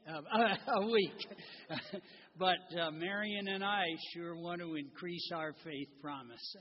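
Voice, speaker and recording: An older man preaching a sermon and reading a story aloud with gentle humor, recorded in a church. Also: high-pitched, breathy edge. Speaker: guest preacher. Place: church sanctuary. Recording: dull recording in a large reverberant church.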